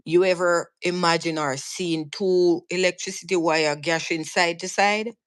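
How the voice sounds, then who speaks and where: A woman's voice: fairly low pitch, steady tone, a little slow, clear, resonant tone. Jamaican woman telling her story earnestly. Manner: earnest, vivid, frequent restarts and repeats. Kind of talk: casual storytelling on a live stream.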